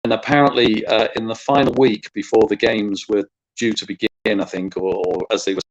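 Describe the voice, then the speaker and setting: A man from the UK, a guest on a chat show, explaining things at length with halting restarts. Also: on the low side, steady tone, muffled recording. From United Kingdom. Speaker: guest co-host. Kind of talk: casual chat.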